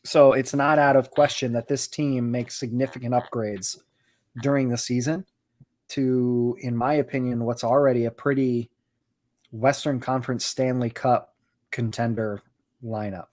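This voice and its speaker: A man co-hosting a podcast, giving steady, analytical hockey talk with frequent "you know"s. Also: mid-range voice, unhurried. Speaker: podcast co-host. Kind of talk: casual hockey chat.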